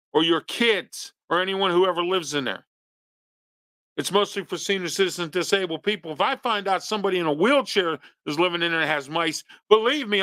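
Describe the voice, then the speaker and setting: A man's voice: sits high, pushed and bright, dry recording, studio quality. A man hosting a local talk show, scolding his listeners with rhetorical questions in an opinion commentary.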